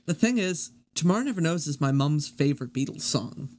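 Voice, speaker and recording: A man's voice: on the high side, expressive, a little mellow. A man hosting a podcast, chatting casually and teasing his guest. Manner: teasing, quick to agree. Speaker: podcast host. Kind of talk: casual chat.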